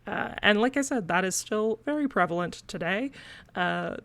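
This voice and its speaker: A woman's voice: medium pitch, expressive, moderate pace, vocal fry, fairly bright tone. A woman with a Missouri accent co-hosting a podcast in casual chat, full of fillers and laughing between points. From Missouri, USA. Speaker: podcast co-host.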